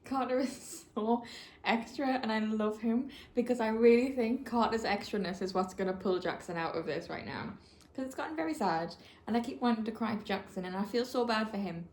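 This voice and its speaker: A book vlogger, young and female, chats to camera in a casual reading vlog, emotionally gushing over her books and saying "like" a lot. She speaks fairly quickly in a high-ish, darkish voice, and the camera mic records a roomy echo.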